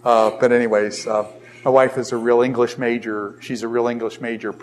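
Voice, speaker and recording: A man with a Boston accent teaching a Bible lesson to a class, animated and firing rhetorical questions. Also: medium pitch, a little fast.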